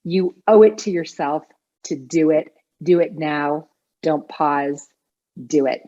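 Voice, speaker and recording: A woman with a slightly low voice gives an earnest endorsement and firmly presses listeners to act. She speaks over a video call, and her audio sounds dull and muffled. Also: takes it slowly, warm tone. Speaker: course participant giving a testimonial.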